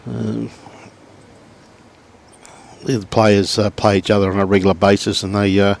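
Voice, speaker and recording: A middle-aged Australian man doing relaxed live commentary on lawn bowls, chatting and greeting viewers by name. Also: lowish voice, a little slow, gravelly.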